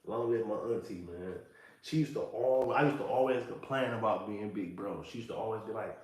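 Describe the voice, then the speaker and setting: A man in his thirties with a lowish, brisk, somewhat dark voice gives a reflective monologue in loose street slang, repeatedly saying "you know what I'm saying." He sounds far from the mic in a very echoey room.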